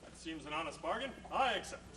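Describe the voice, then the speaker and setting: A man's voice: a little high, animated, quick pace, close to an everyday voice. A man playing a stiffly formal knight. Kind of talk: amateur stage comedy. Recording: roomy stage audio from far off, noisy.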